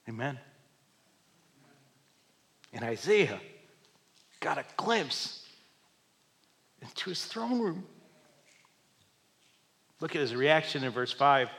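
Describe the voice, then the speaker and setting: A man preaching a sermon, swinging between loud emphatic lines and hushed, quiet ones. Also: medium pitch, animated, slow, gravelly, pauses often. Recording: long hall reverb.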